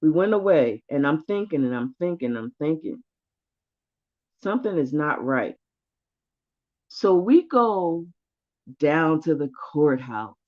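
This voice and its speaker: Woman vlogger, low voice, blunt and profane storytelling; dull lo-fi recording. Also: lively intonation, slow pace, long pauses. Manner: profane, blunt, rising anger. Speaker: vlogger telling her eviction story. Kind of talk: heated casual storytelling.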